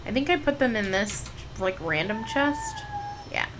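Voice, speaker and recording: Lively woman streaming a game. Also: a little high, a little slow, background noise. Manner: chatty, talks to her pet in a soft coaxing voice. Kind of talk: casual gameplay streaming. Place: home.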